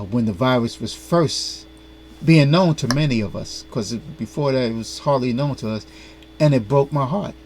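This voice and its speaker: A man hosts a commentary vlog in a mid-range voice. He speaks earnestly and makes sharp, critical points. His delivery is direct and serious. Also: mid-range voice, slight background noise. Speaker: host.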